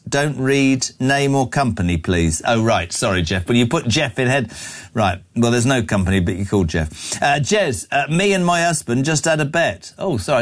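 A male talk radio host, reading out listener messages and bantering bluntly on a live breakfast show. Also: medium pitch.

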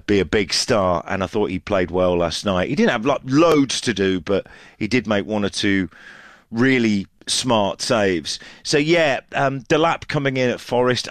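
A man's voice: on the low side, no room sound, studio quality. Chatty man reporting on football. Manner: chatty, many fillers and restarts. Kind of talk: casual match analysis on radio.

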